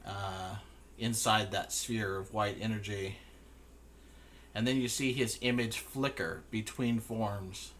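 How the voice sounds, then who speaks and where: A man narrating a tabletop game as game master in a slow, measured way. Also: lowish voice, fairly even intonation, fairly bright tone, slight background noise.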